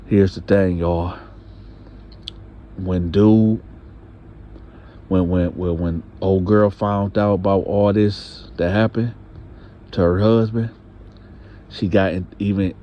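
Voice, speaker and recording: A man's voice: low-pitched, steady tone, slow, long pauses, highs cut off, a little hiss or hum. A man hosting a casual storytime, restarting phrases and talking straight to his viewers. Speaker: storyteller, channel host.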